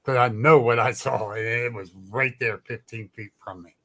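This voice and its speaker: A man's voice: medium pitch, fairly even intonation, normal speed, fairly bright tone. A man chatting as a guest, telling stories bluntly with plenty of cursing and frequent laughter. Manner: blunt and salty, laughs often. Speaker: guest, cryptid researcher. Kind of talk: casual storytelling chat.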